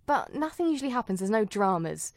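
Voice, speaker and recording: A woman's voice: medium pitch, sing-song, fast, dry recording. A woman hosting a podcast, chatting casually, laughing often and acting out what people said. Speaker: podcast host. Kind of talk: casual chat.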